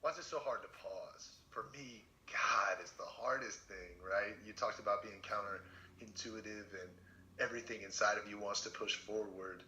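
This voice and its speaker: Man hosting a podcast, very bright voice. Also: on the low side, normal speed. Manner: reflective, thinks aloud. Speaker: podcast host. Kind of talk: casual interview. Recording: echoey dull room with faint noise.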